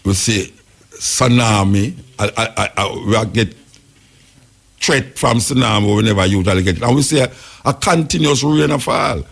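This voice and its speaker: A man's voice: fairly low pitch, normal speed, gravelly, fairly bright tone. A Jamaican man hosting a talk radio show, delivering rambling, emphatic commentary in patois.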